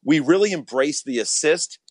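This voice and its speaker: A man's voice: fairly high pitch, lively intonation, normal speed, darkish tone, dry recording. A man, a college basketball coach, answering interview questions earnestly, often repeating words as he starts.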